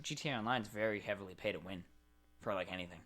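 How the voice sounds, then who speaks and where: A young man co-hosting a casual podcast, telling game stories with lively acted-out voices. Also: fairly low pitch, rapid-fire. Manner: animated storyteller, acts out game characters. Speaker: podcast co-host. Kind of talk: casual chat.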